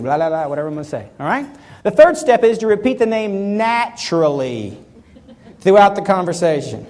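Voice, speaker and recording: Keynote speaker, man, lively swooping delivery that acts out bits for the crowd. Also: high voice, fairly quick. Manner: animated, acts out little scenes in quoted voices. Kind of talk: energetic keynote talk. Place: stage before a live audience.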